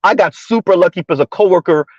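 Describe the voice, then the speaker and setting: A man's voice: high-pitched, fast talker, breathy edge, dry recording. A man hosting a casual livestream, talking through social topics and reading chat messages aloud, repeating words as he goes. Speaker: livestream host. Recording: dull lo-fi livestream audio.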